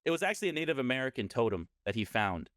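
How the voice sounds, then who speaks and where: A man's voice: medium pitch, big pitch swings, racing, a bit bright, no room sound, studio quality. A man casually telling a scary story on a podcast, rambling and often correcting himself.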